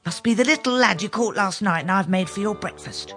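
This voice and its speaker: A woman voicing a big, stern ogre's wife in a storybook cartoon, speaking low and hushed. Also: fairly quick, soft background music, lightly acted.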